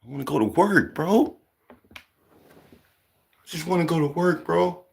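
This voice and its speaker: A young vlogger rants heatedly and profanely to camera, acting out other people as he goes. His voice is a little high and creaky, and he takes it slowly despite the animated delivery.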